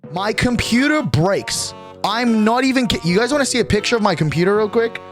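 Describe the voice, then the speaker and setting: A nineteen-year-old streamer chatting casually on a livestream, ranting in an animated, exasperated way with lots of swearing. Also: mid-range voice, fairly quick, faint music behind. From Australia.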